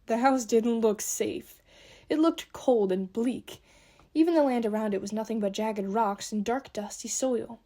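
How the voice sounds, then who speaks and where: Mellow-voiced woman reading an audiobook. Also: fairly high pitch, moderate pace, slightly rough. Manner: expressive, shifting into character voices. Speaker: audiobook narrator.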